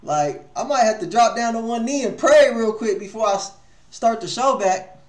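A man hosting a live music review stream in casual chat. He talks in loose slang with a slight stutter, swinging from low mumbled asides to loud exclamations. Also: expressive, moderate pace. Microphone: headphones on while streaming.

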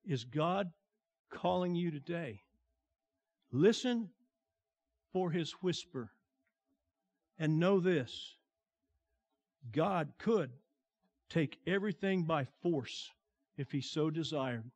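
A male pastor with a fairly high voice preaching at an unhurried pace. He lingers over each phrase, drops to a near-hush on tender lines, and lifts his voice to stress the important ones. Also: expressive. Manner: slow, deliberate preaching that drops to a hushed tone and swells on emphasis. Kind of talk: sermon.

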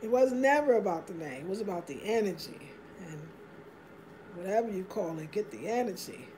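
Woman hosting a relaxed home livestream, chatty and upbeat, reading out viewer comments. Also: medium pitch, a little fast, background noise. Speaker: livestream host.

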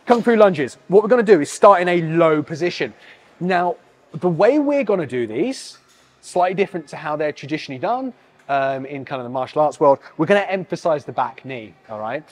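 A man with a British accent demonstrating leg exercises as a fitness coach, talking casually with many fillers and repeated coaching cues, a little out of breath. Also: a little high.

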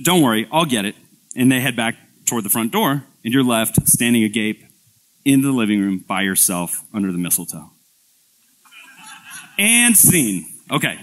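A man's voice: mid-range voice, a bit bright. A male pastor preaching a sermon in a church, telling a playful story in a conversational way, often restarting and repeating words. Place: church sanctuary.

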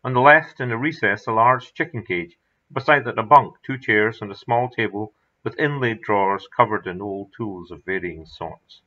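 A man reading his own horror story aloud in a measured, dramatic narration. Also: fairly low pitch, pushed and bright. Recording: dull lo-fi recording.

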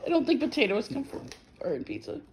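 A woman's voice: high-pitched, animated, slight background noise. A woman chatting along as a co-host, amused and laughing often. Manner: amused, laughs a lot, slow drawl. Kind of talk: casual chat.

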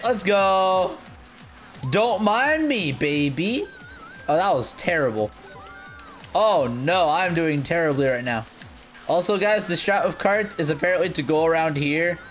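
A man giving live gameplay commentary, excitable and self-mocking, going from muttering to shouting. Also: fairly high pitch. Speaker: gaming video creator.

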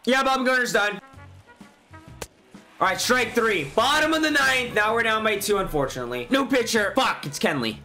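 A young man gives live commentary on his own baseball video game, excitable and swearing as he yells at the players. His voice sits high and bright and leaps up and down. Game music plays faintly underneath. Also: normal speed. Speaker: gaming YouTuber.

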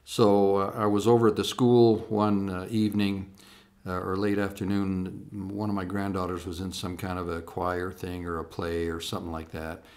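A man's voice: low-pitched, little pitch movement, moderate pace, a little mellow. An older man, a singer-songwriter, talking casually to online viewers in a folksy, rambling way, with lots of "uh" and restarts.

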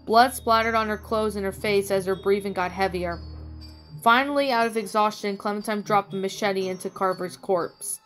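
A woman's voice: medium pitch, moderate pace, a bit bright. A woman reading fan fiction aloud in a plain narrating voice, with small slips. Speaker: story reader. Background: faint music.

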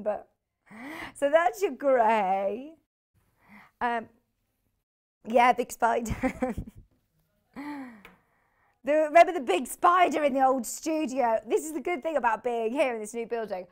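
A woman's voice: a little high, animated, measured pace, long pauses. Chatty woman selling on TV. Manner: chatty and bubbly, laughs easily. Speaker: shopping channel presenter. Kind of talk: live TV product selling. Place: TV studio.

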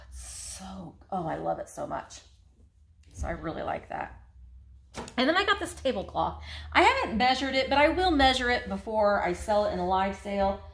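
Slow-talking, gushing woman. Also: on the high side. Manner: gushing, enthusiastic, chatty. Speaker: vintage reseller. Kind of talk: casual show-and-tell haul video.

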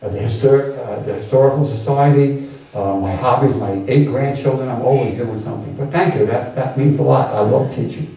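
A man's voice: medium pitch, brisk, warm tone. An older man with a New York accent, giving a chatty, rambling talk to an audience. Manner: chatty, rambling, frequent restarts. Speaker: guest lecturer. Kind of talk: informal lecture with audience questions. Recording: echoey hall from far off.

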